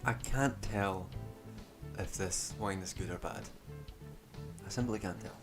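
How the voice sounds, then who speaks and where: A young man talks casually on a stream in a somewhat low voice. He is sardonic and sweary, stumbling and restarting as he goes. Faint music plays behind him. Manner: sardonic, profane, halting with many restarts. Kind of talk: casual rambling stream chat.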